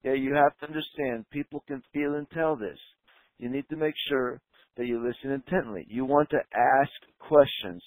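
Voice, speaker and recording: A man's voice: mid-range voice, no room sound, rough recording. Emphatic male practice coach, dry sound. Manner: emphatic, slows down to stress key points. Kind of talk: training talk.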